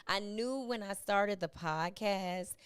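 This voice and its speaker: A woman's voice: medium pitch, takes it slowly, smooth, dry recording. A middle-aged woman hosting a casual live podcast from home, chatting and laughing with her listeners as "y'all", speaking into a webcam. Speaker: podcast host. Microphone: webcam and earpiece.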